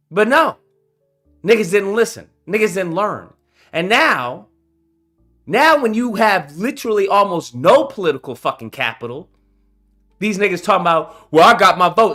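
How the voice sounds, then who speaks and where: A man with a high-pitched, sharp voice hosts his own channel, ranting to camera. His commentary is heated, profane, and confrontational, aimed straight at his audience.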